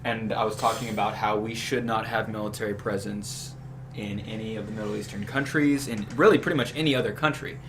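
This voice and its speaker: A man's voice: fairly low pitch, fairly even intonation, a little fast, noisy background. A young adult man, a guest on a podcast, laying out his political views at length in an earnest, casual way. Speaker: podcast guest, new team member.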